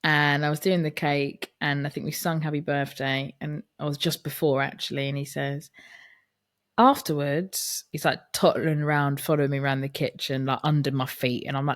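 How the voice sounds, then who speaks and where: Woman, low-pitched, dry close mic, chatty podcast host. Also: steady tone, normal speed, no echo. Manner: candid and chatty, acting out family dialogue. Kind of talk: personal reflective monologue.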